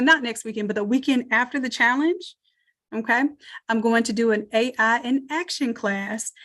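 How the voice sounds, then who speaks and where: A woman with a Southern American accent and a fairly high voice hosts a live online design class over a computer mic on a video call. She talks to her viewers in an energetic, encouraging way, calling them y'all. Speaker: online design course instructor. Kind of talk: live webinar teaching and promotion.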